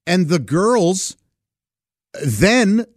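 Laughing frequently, a forties-aged man spins rambling, self-mocking anecdotes in relaxed conversation. He speaks high and sing-song, drawing out words, in a dry recording with clean studio sound.

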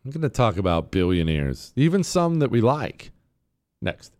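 A man hosting a political talk radio show, delivering a combative, sarcastic monologue and slowing down to hammer his points. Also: lowish voice, very animated, darkish tone, a little hiss or hum. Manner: combative, sarcastic, emphatic, slows down to stress points.

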